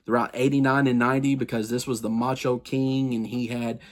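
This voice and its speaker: A man hosting his own wrestling history show, talking in a loose, conversational way at a middling pitch. He rambles, corrects himself as he goes and speaks straight to his viewers with his own opinions. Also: level tone, a little fast. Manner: rambling and chatty, with frequent asides and self-corrections; opinionated, addresses viewers directly. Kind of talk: casual history talk to camera.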